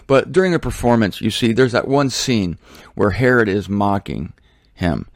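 Animated man telling a Bible story. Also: fairly low pitch, dry recording, studio quality. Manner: animated storytelling, mocking asides. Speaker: Bible teacher. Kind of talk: casual sermon.

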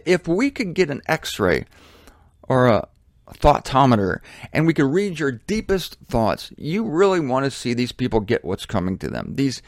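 A man's voice: medium pitch, dry recording, studio quality. A man preaching a sermon on headphones in a blunt, indignant, emphatic way. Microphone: headphones on, close mic.

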